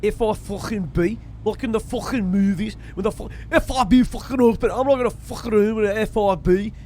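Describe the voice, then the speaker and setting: A man's voice: high voice, brisk, slight background noise. A man voicing a drunk, lost, foul-mouthed British man who rambles and swears constantly in a game role-play. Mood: drunken rant.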